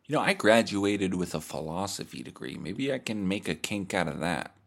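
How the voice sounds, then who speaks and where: A man's voice: low-pitched, animated, normal speed, vocal fry. A man hosting his podcast from his bed, ranting in a crude, sardonic, rambling way without a proper microphone. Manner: profane, sardonic, rambling rants. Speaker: podcast host. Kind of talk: crude comedic monologue. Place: in bed at home. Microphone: cheap or built-in mic.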